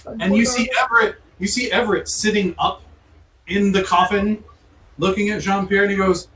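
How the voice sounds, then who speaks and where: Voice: medium pitch, fairly even intonation, normal speed, fairly bright tone. A game master casually narrating a tabletop role-playing game with loose, rambling storytelling. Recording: roomy room, distant mic, faint hiss.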